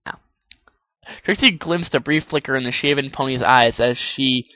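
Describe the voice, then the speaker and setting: A man's voice: medium pitch, normal speed, no echo, dull audio. Man casually reading fan fiction aloud. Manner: stumbles, self-corrects, laughs at the text. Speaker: narrator.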